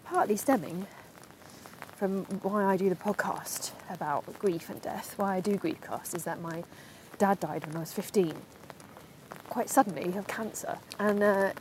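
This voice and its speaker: A woman's voice: medium pitch, moderate pace, a little mellow, a little hiss or hum, poor audio. A woman, a podcast host, talking in a rambling, chatty way while walking outdoors through a park in the rain, laughing at herself now and then. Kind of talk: casual spoken monologue while walking.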